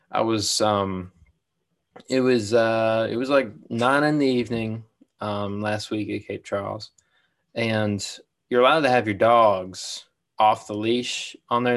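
Laid-back young man, low voice. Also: creaky. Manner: laid-back, says "dude" and "like" a lot. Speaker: podcast co-host. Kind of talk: casual chat.

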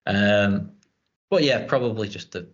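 A young man hosts a laid-back chat, rambling and swearing now and then. His voice sits slightly low, and the recording sounds a bit muffled. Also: unhurried. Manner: rambling, relaxed, swears casually. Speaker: podcast host. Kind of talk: casual chat.

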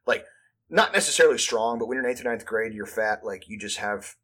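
A man's voice: on the low side, a little fast, bright, forceful tone. A man around thirty telling rambling, profane school stories in casual chat, full of "like" fillers and acted-out quotes.

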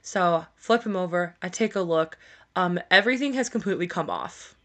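A woman's voice: fairly low pitch, moderate pace, fairly bright tone. Podcast co-host, woman, candid and foul-mouthed storyteller, casual delivery. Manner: candid, swears freely, laughs through her story.

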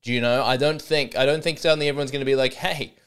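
A man's voice: medium pitch, steady tone, very fast, clean tone. An Australian man hosting a comedy podcast, talking in a rambling, sarcastic, self-mocking monologue.

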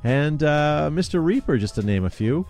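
A man's voice: fairly high pitch, expressive, normal speed, darkish tone, faint music behind. A man hosting a casual chat show, talking in an upbeat, rambling way with plenty of fillers. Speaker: podcast host.

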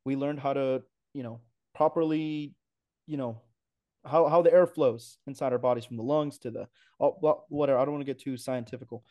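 A man's voice: mid-range voice, steady tone, fairly quick, dark tone. A man, a racing announcer, talking enthusiastically and emphatically in a casual podcast interview, with playful asides.

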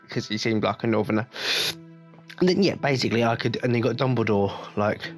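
A man's voice: mid-range voice, a little fast, soft background music. A man with an English accent, hosting a podcast in a blunt, jokey rant with free swearing. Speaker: podcast host. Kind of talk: casual rant.

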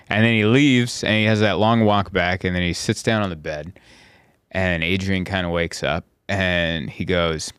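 A man, a comedian hosting a podcast, chatting casually and telling stories with animated voices. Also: normal speed, clear, resonant tone, no echo, clean studio sound. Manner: animated storytelling, jumps into loud squeaky voices and laughs. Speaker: stand-up comedian, podcast host.

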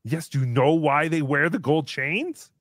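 A man's voice: fairly high pitch, animated, a little slow, fairly bright tone. A man voicing a brash, boastful comic character who talks about himself in the third person while hosting a livestream. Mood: excitable. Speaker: show host character. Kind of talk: livestream comedy banter.

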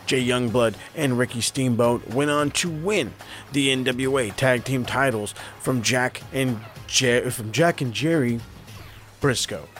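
A man co-hosting a wrestling podcast, animated and profane in casual chat, who also runs a history segment. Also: medium pitch, a little slow, soft background music. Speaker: podcast co-host.

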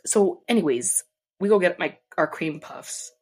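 A young woman vlogger casually telling a profane, animated story, acting out the people she quotes. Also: fairly low pitch, measured pace, breathy edge. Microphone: desk mic.

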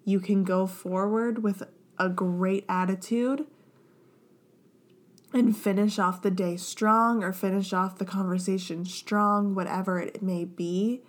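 A woman's voice: mid-range voice, steady tone, slow. Woman podcast co-host, tipsy and effusive, casual and sweary. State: tipsy on champagne. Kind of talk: casual chat.

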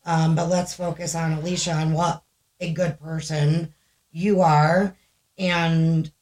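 A woman's voice: deep voice, little pitch movement, slow, darkish tone. A woman co-hosting a casual podcast, reading listener stories aloud, chatty and swearing freely. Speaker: podcast co-host.

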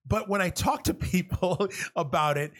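Rambling, profane man, slightly high voice. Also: normal speed, fairly bright tone. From half Cuban. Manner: rambling, profane, lots of restarts. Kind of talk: casual monologue.

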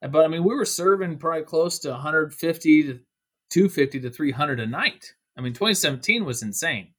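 A man telling a lively bar anecdote as a podcast guest, acting out the quotes of the people in it. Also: fairly high pitch, brisk. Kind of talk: animated storytelling.

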